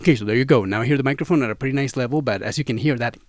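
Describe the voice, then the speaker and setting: A man's voice: mid-range voice, rapid-fire, dry recording. A man giving a casual, enthusiastic gear demo, talking to the viewer as a friend while he swaps studio microphones. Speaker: gear reviewer. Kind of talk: casual demo talk to camera. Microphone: studio microphones, swapped during test. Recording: dry close studio sound.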